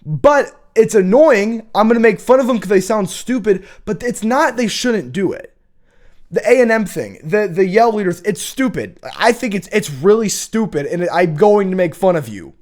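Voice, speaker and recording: A man's voice: high-pitched, lively intonation, normal speed, darkish tone. A young man hosting a college football show, talking in a casual, opinionated, rambling rant with many restarts.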